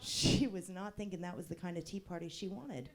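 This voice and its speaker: Speaking a little fast in a lowish voice, a thirtysomething woman performs stand-up at an open mic. Her delivery is wry and deadpan, punctuated by bursts of laughter.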